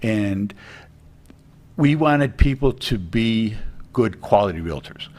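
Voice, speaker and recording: A middle-aged man speaks in a fairly low voice on a morning TV show. He rambles earnestly, starting sentences over and over, like a realtor guest chatting casually. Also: animated, slow, darkish tone. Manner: rambling, earnest, many restarts. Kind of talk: casual TV interview chat.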